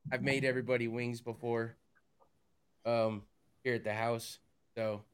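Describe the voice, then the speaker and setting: A man speaking as a podcast guest in casual chat, laid-back and quiet. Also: mid-range voice, little pitch movement, slow pace, clean tone.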